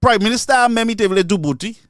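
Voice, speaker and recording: A man with a Saint Lucian accent delivers a mocking political commentary, slipping between English and Creole. His voice sits high for a man. The recording is dry, with no room sound. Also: fast, a bit bright, no echo. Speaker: online commentator.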